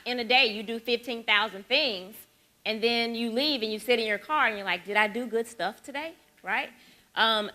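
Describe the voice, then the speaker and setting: A woman in her forties from Memphis with a Southern accent, giving a lively conversational keynote talk at an education symposium. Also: medium pitch. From Memphis, Tennessee. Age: 40s. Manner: lively, conversational, rhetorical questions. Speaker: symposium speaker.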